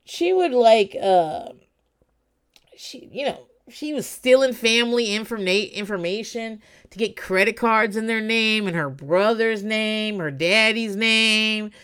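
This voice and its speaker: Woman podcaster riffing casually, swears a lot, laughs between bits, smooth clear voice. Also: fairly high pitch, unhurried, fairly bright tone. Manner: chatty, profane, laughing asides. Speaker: podcast host. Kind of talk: casual true-crime commentary.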